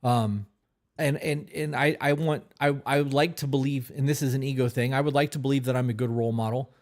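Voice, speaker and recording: A man co-hosting a podcast in casual chat, speaking earnestly with swearing and halting restarts. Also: medium pitch, fairly even intonation, darkish tone. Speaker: podcast co-host.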